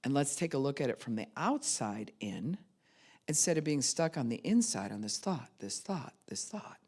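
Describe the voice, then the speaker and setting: A woman's voice: extremely low pitch, normal speed, slightly rough. An older woman pastor giving a sermon, telling stories and acting out the voices in them. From United States. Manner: animated storytelling, acts out voices.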